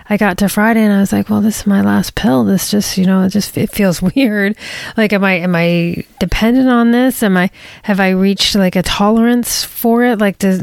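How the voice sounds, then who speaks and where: A woman hosts her podcast alone, thinking out loud in a candid, confiding way. She stops and restarts her sentences often and corrects herself mid-thought. Her voice sits at an ordinary middle pitch, recorded close and dry with no room sound. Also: no echo. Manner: rambling, halting, many restarts and self-corrections. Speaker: podcast host. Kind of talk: casual solo podcast monologue.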